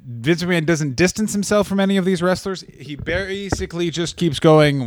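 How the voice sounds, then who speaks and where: A man's voice: sits high, moderate pace, hardly any pauses. A man co-hosting a podcast, telling stories in a sardonic, profane, casual comedic way. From Canada. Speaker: podcast co-host.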